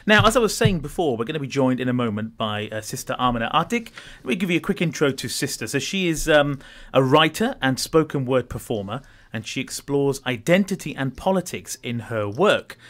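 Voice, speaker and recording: A man's voice: medium pitch, animated, fairly quick, a bit bright. A man hosting a community radio show, introducing and interviewing a guest in a friendly way with frequent uhs and ums.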